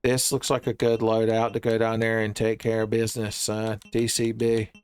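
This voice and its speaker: A man's voice: fairly low pitch, monotone, normal speed, smooth, faint music behind. A man giving rambling, joking commentary while he plays a video game, peppering his talk with "son" and bits of silly wordplay. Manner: rambling jokey riffing, calls viewers "son". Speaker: gaming streamer.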